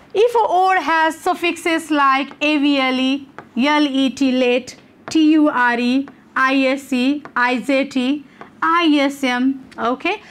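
High-voiced woman teacher, slow and explanatory. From Nepal. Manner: explanatory, repeats "okay" and "you know" as checks. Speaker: English teacher. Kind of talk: exam question walkthrough.

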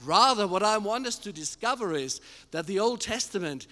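A man preaching a sermon in a high, bright, ringing voice. He talks straight to the congregation and pushes his lines up into shouted peaks. The sound trails off in a long church-hall reverb. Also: lively intonation, normal speed. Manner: emphatic, building to shouted climaxes; addresses the congregation directly with questions. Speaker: pastor. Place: church service with a live congregation.

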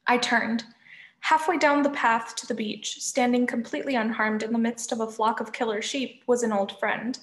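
A woman reading a novel aloud, narrating in a lively first-person voice, in an echoey room. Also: a little high, normal speed. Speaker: reader.

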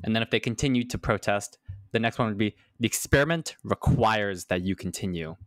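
A man's voice: lowish voice, fairly quick, no room sound, clean studio sound. A man hosting a podcast, explaining a study in casual chat and repeating words as he thinks. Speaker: podcast host.

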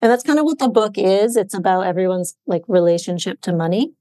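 A woman's voice: medium pitch, fairly quick, dry recording. A woman co-hosting a bookshop podcast, chatting casually about books with lots of "um" and "like". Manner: chatty, relaxed, many "um"s and "like"s. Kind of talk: casual book chat.

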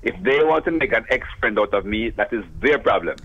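A man's voice: on the low side, lively intonation, fairly quick, a bit bright. A Jamaican man calling in to a radio show, laid-back and prone to stammering restarts. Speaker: radio caller. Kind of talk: casual phone call to radio. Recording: muffled phone line.

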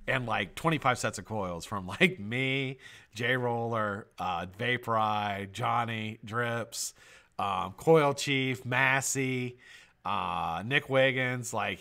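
Middle-aged male stream host, lively pitch, bright voice, loud greetings, crude jokes. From United States. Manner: loud shout-outs, swears, jokey. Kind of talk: live stream chat, greeting viewers.

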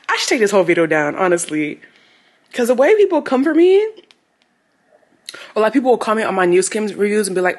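A woman's voice: fairly high pitch, sing-song, normal speed, long pauses. A young woman vlogging casually, often laughing and exclaiming in disbelief. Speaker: lifestyle vlogger. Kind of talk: casual vlog chat.

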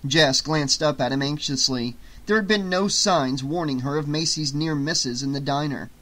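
A man narrating an audiobook in a steady, measured reading. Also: a little high. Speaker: audiobook reader.

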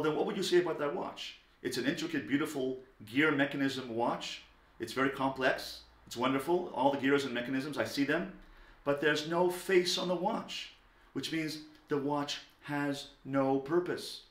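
A man giving a lecture on parenting, talking emphatically and swinging between loud stressed words and soft low asides. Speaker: parenting teacher. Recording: echoey room.

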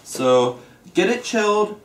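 A man's voice: sits high, big pitch swings, slow pace, noisy background. A man walking through a recipe as he cooks, chatty and joking while he explains each step. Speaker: home cook demonstrating a recipe. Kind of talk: casual cooking chat. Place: home kitchen. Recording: echoey kitchen with cooking sounds.

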